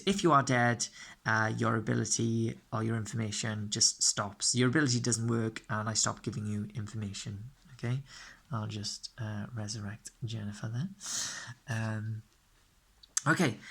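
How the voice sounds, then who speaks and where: A man's voice: lowish voice, steady tone, moderate pace, gravelly, a bit bright, husky. A man explaining the rules of a game step by step. He often checks in with "okay?" and corrects himself as he goes. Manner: frequent fillers and self-corrections. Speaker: game tutor.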